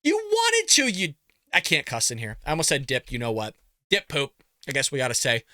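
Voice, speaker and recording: A man hosting a political commentary show, reacting to news with sarcastic jabs, animated asides and laughter at his own remarks. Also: mid-range voice, fairly quick, dry recording, studio quality.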